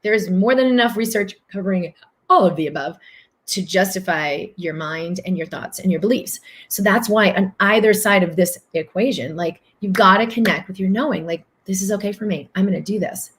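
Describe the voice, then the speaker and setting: A woman's voice: medium pitch, moderate pace, a bit bright. A woman host talking earnestly on a live stream, reading out viewer comments and answering them in long flowing phrases.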